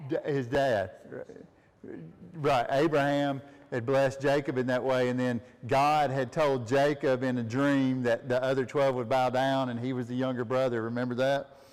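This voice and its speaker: A man's voice: mid-range voice, little pitch movement, moderate pace, a little mellow, smooth, long reverb tail. A man leading a family Bible study, reading scripture aloud and asking his listeners questions with frequent laughs. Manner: reads aloud, then asks listeners questions and laughs often.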